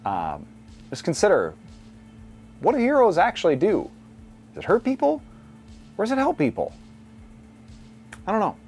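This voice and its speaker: A man delivers a scripted commentary video essay in a sardonic, mocking tone. His pitch swings widely from low to high, giving his talk an animated feel. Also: normal speed, pauses often, soft background music.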